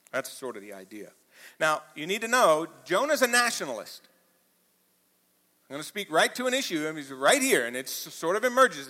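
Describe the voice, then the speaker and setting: A man preaching a sermon to a church, talking conversationally, dropping to quiet asides and rising to loud emphatic peaks. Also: fairly high pitch, very animated, moderate pace, big-room sound. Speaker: pastor. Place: church auditorium.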